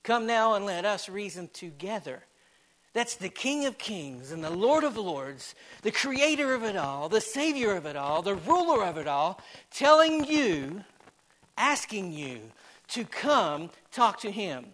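Male preacher, high voice, repetitive sermon delivery that swings from hushed to loud. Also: big pitch swings, a little slow, poor audio.

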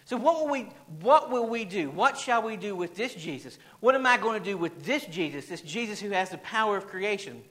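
A man's voice: high-pitched, animated, fairly quick, hardly any pauses, a bit bright, low-quality recording. A man preaching a sermon in a church, repeating phrases and firing questions at the congregation, with a storytelling manner. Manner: storytelling, reading an anecdote aloud. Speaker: pastor.

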